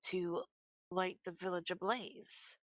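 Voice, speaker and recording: A woman's voice: on the low side, steady tone, slow, no echo, poor audio. A woman player in a tabletop game, speaking in a matter-of-fact way.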